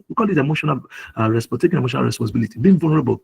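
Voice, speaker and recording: A man's voice: mid-range voice, expressive, very fast, creaky, husky, low-quality recording. A middle-aged man from Nigeria giving an earnest talk on parenting at a webinar, often repeating his key phrases for emphasis. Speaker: webinar speaker.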